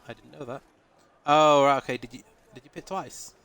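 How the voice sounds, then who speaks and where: A man commentates a live sim-racing stream with a nasal, congested voice from a lingering cold. He keeps a chatty, easygoing tone at a middling pitch, often laughing and replying to his audience. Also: moderate pace, fairly bright tone, clean tone. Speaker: race commentator.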